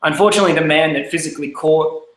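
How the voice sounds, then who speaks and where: A man in his thirties with an Australian accent telling his life story, candid and lively as he acts out his younger self. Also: on the high side, very fast, roomy sound, low-quality recording. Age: 30s. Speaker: speaker. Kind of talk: personal life story talk.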